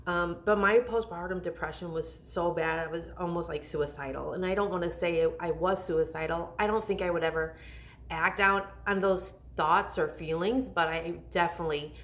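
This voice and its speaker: A woman's voice: lowish voice, normal speed, fairly bright tone, slight background noise. A woman in her thirties telling her own motherhood story in a candid vlog, rambling and heartfelt, often stopping to restart her thoughts. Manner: rambling, heartfelt, self-interrupting. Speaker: mom vlogger.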